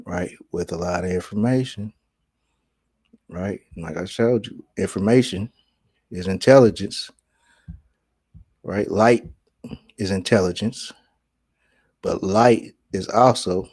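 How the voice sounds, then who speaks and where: A man's voice: low-pitched, darkish tone. A man hosting a vlog in a casual, preachy monologue, often checking in with the listener. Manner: preachy, keeps asking "right?". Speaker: vlog host.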